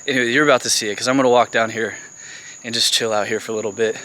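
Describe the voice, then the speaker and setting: A young man in his twenties casually telling a fitness vlog story, excited and rambling, outdoors near a road. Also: mid-range voice, racing. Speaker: fitness vlogger. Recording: noisy outdoor phone recording.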